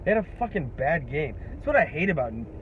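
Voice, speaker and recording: A man's voice: on the high side, sing-song, quick pace. A young man ranting to camera as a sports fan vlogger, profane and trash-talking. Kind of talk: heated sports rant to camera. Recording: dull lo-fi audio with faint background noise.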